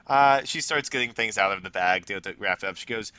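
A man's voice: mid-range voice, expressive, a little fast, hardly any pauses, sharp tone, clear, resonant tone, no echo, muffled recording. A man narrating as game master of a tabletop role-playing game, casual and rambling, full of fillers.

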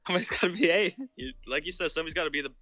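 A man's voice: fairly high pitch, rapid-fire, music in the background. A man co-hosting a podcast in casual chat, teasing his partner, laughing easily and swearing casually. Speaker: podcast co-host.

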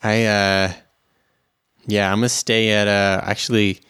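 A man's voice: lowish voice, flat delivery, unhurried, fairly bright tone, clean tone, no echo, clean studio sound. A man playing a tabletop role-playing game, thinking aloud hesitantly with many restarts. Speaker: player.

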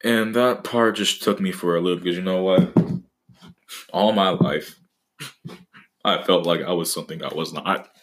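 Deep-voiced young man joking profanely. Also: normal speed, long pauses. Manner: profane, joking, with mock-dramatic outbursts. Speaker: podcast host. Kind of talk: casual comedic monologue.

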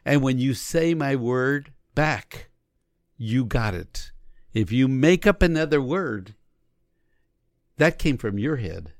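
A man's voice: mid-range voice, animated, slow pace, pauses often, no room sound, clean studio sound. A man coaching others on how to listen, talking earnestly and acting out example lines. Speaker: relationship coach. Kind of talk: teaching conversation.

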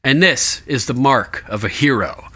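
A man recapping a show in a casual chat, animated and quick to laugh, swearing freely. His voice is bright and forceful. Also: mid-range voice, breathy edge. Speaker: podcast host.

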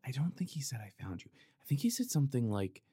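A man hosting a podcast, talking in a playful, rambling comedic monologue that wanders off on tangents, with sudden loud outbursts. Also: medium pitch, wildly swooping pitch, fast, breathy edge, no echo, studio quality. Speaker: podcast host.

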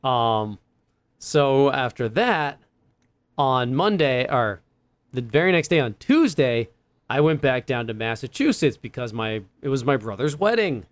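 A young man tells a long story on a podcast, full of fillers and quick laughs. His voice is smooth and resonant, and the recording is dry and close. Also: medium pitch, very animated, dry recording. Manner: rambling, many fillers and laughs. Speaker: podcast co-host. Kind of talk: casual storytelling chat.

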